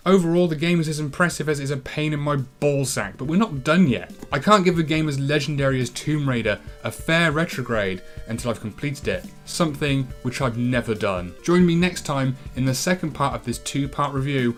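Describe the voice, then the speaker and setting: A British man hosting a retro game review show, giving a comedic voice-over full of sarcasm and swearing. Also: mid-range voice.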